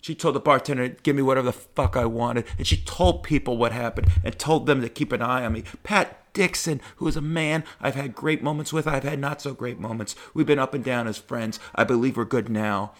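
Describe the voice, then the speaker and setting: A man's voice: mid-range voice, fairly quick, hardly any pauses. Middle-aged male comedian, mid-range voice, profane and sincere storyteller. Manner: profane, heartfelt, animated. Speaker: stand-up comedian, podcast host. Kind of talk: personal storytelling monologue.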